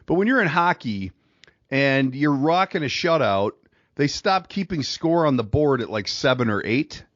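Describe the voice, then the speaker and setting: A middle-aged man co-hosting a podcast, spinning a rambling anecdote and chuckling as he goes. His voice sits at an ordinary pitch, recorded dry and a little dull, as from a home setup. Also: animated, normal speed, fairly bright tone, no echo. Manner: rambling, laughs through his stories. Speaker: podcast co-host. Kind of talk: casual storytelling chat.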